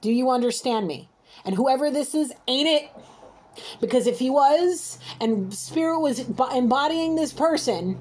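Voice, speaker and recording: High-voiced woman in a fiery scolding reading. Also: lively intonation, a little slow, darkish tone. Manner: emphatic, scolding, repetitive rants. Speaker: intuitive card reader. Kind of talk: heated spiritual card reading.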